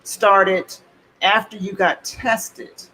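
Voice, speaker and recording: A woman's voice: medium pitch, steady tone, slow pace, bright, forceful tone, slight background noise, poor audio. A woman interviewing a guest, asking follow-up questions and giving short affirmations. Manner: probing questions, brief affirmations. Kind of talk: conversational interview.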